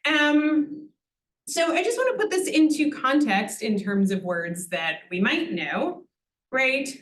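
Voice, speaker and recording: A woman's voice: on the high side, roomy sound, slight background noise. A woman giving an introductory Sanskrit lesson to an audience at a university event, patiently explaining and often asking "right?" with a light humorous touch. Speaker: Sanskrit teacher.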